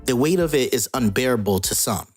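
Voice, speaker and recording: A calm, wise male avatar of death with a husky, mid-pitched voice, as a man reads him out from a comic. Faint music sits underneath. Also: a little fast, lightly acted. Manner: read aloud from a comic.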